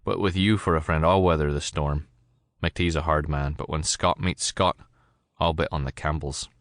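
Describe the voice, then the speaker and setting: A man's voice: very deep voice, steady tone, no room sound, studio quality. A man voicing a sly, tactful young sailor. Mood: earnest. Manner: measured, tactful.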